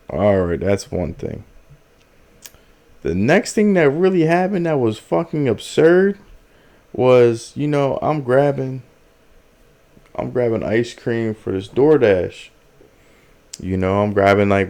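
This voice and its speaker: A man hosting a podcast, telling a story in an animated, profane way with lots of fillers. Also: mid-range voice. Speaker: podcast host. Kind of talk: casual storytelling.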